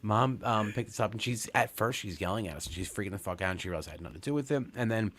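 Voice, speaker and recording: Man, low voice, forties, from Long Island, rambling, swearing, casual podcast storytelling. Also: animated, rapid-fire, fairly bright tone. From Long Island, New York. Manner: rambling, profane, many fillers and restarts. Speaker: podcast co-host.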